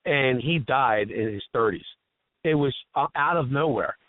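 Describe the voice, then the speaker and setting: A man's voice: mid-range voice, measured pace, no room sound, narrow, tinny audio. A man hosting casual radio talk, telling stories in an earnest, emotional, heartfelt way. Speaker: host.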